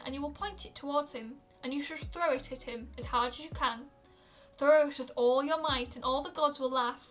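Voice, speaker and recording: A woman's voice: sits high, pushed and bright. A woman voicing a scheming male trickster god who sounds falsely friendly and helpful, in a read-aloud myth.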